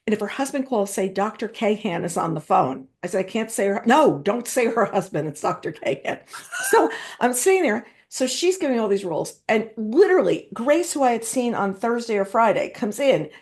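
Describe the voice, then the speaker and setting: Middle-aged female host, casual storyteller, animated with quoted voices and frequent laughs. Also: on the high side, moderate pace. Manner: lively storyteller, laughs often, quotes others. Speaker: interviewer and host. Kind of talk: casual anecdotal chat.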